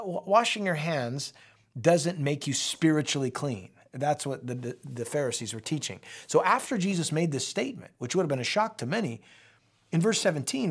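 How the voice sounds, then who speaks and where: Chatty middle-aged pastor, higher voice. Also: male voice, breathy edge. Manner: warm conversational teaching, asides to viewers. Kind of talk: daily devotional Bible teaching.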